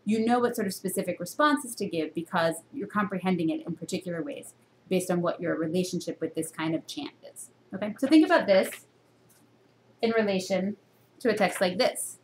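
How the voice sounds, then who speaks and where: Woman lecturing on reading to a camera, teacherly, many rhetorical questions, mid-range voice, pitch leaps for emphasis, faint noise behind. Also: brisk. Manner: expressive jumps in pitch for emphasis. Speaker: university reading instructor. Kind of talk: recorded classroom lecture.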